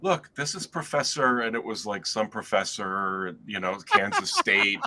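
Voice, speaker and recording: A middle-aged man tells a long, winding anecdote as a guest on a chat show, with his sentences often stopping and starting again. His voice sits low, but its tone is bright and pushes forward. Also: huge pitch swings, unhurried. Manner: rambling, self-interrupting anecdote teller. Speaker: guest author. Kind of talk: casual storytelling.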